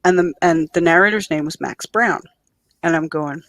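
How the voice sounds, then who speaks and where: A woman writer as a guest on a podcast, telling an excited story about her audiobook. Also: low voice, normal speed, no echo. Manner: animated storyteller. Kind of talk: podcast interview.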